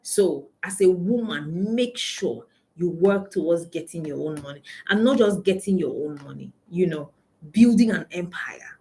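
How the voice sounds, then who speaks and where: A woman's voice: fairly low pitch, normal speed, darkish tone. A woman with a Nigerian accent, a money coach giving an emphatic motivational talk, repeating key lines and asking her listeners questions. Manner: laughs often while telling anecdotes.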